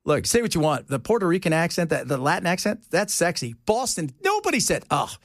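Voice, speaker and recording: Teasing radio talk show host. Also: male voice, on the high side, quick pace, no echo, studio quality. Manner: joking, teasing, animated; acts out quoted voices. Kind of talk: casual on-air banter. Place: radio studio.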